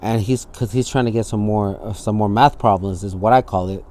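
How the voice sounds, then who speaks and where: A man's voice: on the low side, fairly quick, a little mellow. A man, speaking in a candid documentary interview. He tells his story vividly, acting out the scenes and swearing freely. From San Francisco Bay Area.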